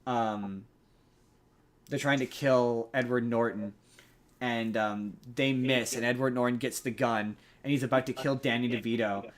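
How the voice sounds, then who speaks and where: A man's voice: mid-range voice, steady tone, a little slow. A man hosting a podcast, casually recapping a movie plot with a rambling delivery and frequent restarts. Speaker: podcast host.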